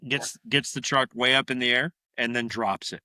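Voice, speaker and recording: A man's voice: mid-range voice, moderate pace, no room sound. A man co-hosting a podcast, retelling a horror film scene by scene in casual, profane chat. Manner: profane, animated retelling with acted-out quotes. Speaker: podcast co-host.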